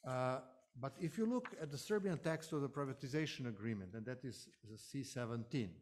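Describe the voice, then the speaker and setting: A man working as counsel, cross-examining a witness in formal legal questioning, measured and deliberate with hesitant restarts. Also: medium pitch, lively intonation.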